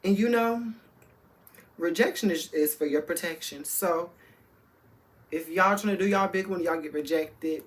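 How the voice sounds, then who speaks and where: A man's voice: sits high, a little slow, long pauses. A man vlogging a candid storytime, campy and sassy, speaking straight to his viewers in loose slang. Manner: campy, sassy, full of slang and frank talk to the audience.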